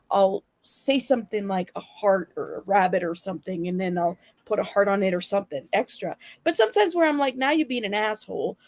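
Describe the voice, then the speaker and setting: A woman's voice: mid-range voice, no echo, clean studio sound. A woman hosting her own channel, talking bluntly and with sass straight to her viewers in casual commentary. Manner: blunt, sassy, addresses viewers directly. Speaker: channel host.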